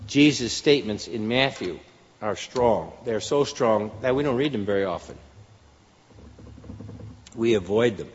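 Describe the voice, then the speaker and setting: A man's voice: fairly low pitch, animated, unhurried, long pauses. A man preaching a sermon in an earnest style, his voice rising for emphasis. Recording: dull lo-fi sound with long hall reverb.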